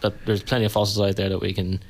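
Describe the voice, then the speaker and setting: A young man appears as a scientist guest on a radio show. His voice sits on the low side. He answers in a relaxed, easygoing way and laughs along with the hosts. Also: fast.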